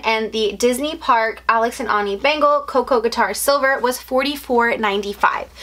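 A woman's voice: medium pitch, a bit bright, slight background noise. A young woman from outside the US doing a casual unboxing video, gushing, gasping and squealing over each item. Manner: gushing, gasps and squeals often. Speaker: unboxing vlogger. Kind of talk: excited casual unboxing chat.

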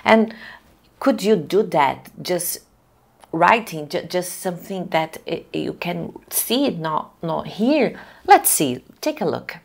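Slow, gravelly woman teaching a voice class. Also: lowish voice, very animated. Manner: slow, deliberate teaching with frequent restarts. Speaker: voice coach. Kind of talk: online class lecture.

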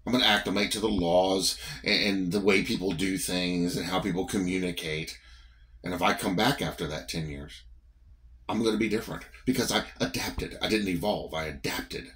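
A man's voice: low voice, fairly even intonation, normal speed, fairly bright tone. A man with a Southern US accent giving a morning devotion, preaching in an emphatic, repetitive, conversational way. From American South.

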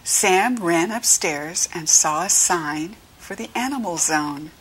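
An American woman with a slow, breathy, expressive voice reads a children's book aloud. Her read-along is clear and instructive, and she brightens her pitch for the children's lines.

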